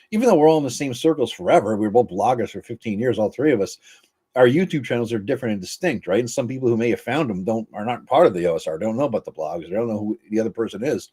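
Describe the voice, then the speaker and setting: A man hosting his channel, talking in a fast, rambling way and swearing casually. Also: on the low side, warm tone. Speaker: channel host. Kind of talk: casual chat.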